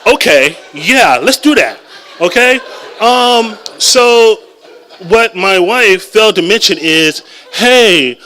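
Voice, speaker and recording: A man telling a personal story live at a story slam, chatty and animated, often laughing at his own lines. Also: high-pitched, slow pace.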